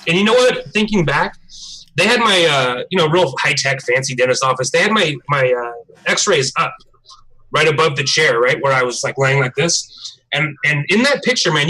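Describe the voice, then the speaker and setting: A bright-voiced young man speaking a little higher than most men, chatting on a live stream. He tells his story in a loose, profane, animated way. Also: moderate pace, poor audio. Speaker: livestream co-host. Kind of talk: casual live-stream chat.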